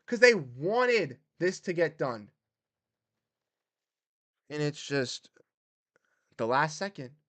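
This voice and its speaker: A man with a fairly high-pitched voice rants on a sports livestream. He talks heatedly, swinging from loud, emphatic bursts to muttered exasperation. His delivery sounds like a fan venting to his audience. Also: big pitch swings, slow pace, pauses often, no room sound. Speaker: sports podcast host. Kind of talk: livestream rant.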